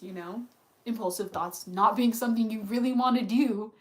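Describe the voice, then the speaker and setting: A woman's voice: a little high, moderate pace. A young woman telling a personal story in a casual, rambling way, full of "like" and the odd swear word, with sighs between thoughts.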